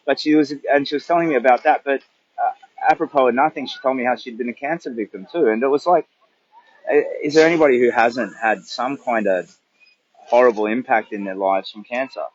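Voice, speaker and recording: A man's voice: mid-range voice, a little fast, highs cut off. Rambling older Australian man livestreaming. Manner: rambling, chatty, thinks aloud. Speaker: charity walker livestreaming. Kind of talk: casual livestream chat.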